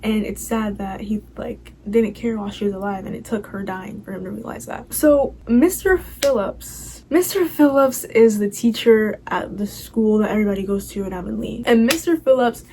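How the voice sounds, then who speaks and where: A woman's voice: medium pitch, fairly quick, creaky, few pauses, dark tone, a little hiss or hum, low-quality recording. A young woman casually recapping a TV show, rambling and filling her talk with "like" and "you know".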